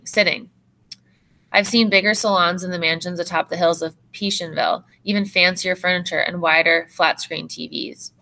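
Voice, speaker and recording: A woman teacher reads a novel aloud to her class in steady, expressive first-person narration. Her voice is set on the low side but sounds bright and crisp.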